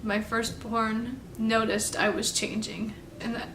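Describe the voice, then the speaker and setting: Young woman talking slow and halting about something personal, kinda high voice, echoey room, sitting back from the mic. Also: little pitch movement, distant mic. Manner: halting, confessional, soft-spoken. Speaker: vlogger telling her story. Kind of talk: personal storytime confession. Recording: roomy, off-mic, faint background noise.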